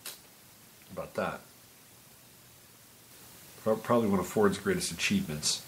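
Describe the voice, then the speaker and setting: A man's voice: deep voice, normal speed, a bit bright, a little hiss or hum. A man hosting a podcast, casually reading through dates and birthdays, rambling and humming to himself between items. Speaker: podcast host.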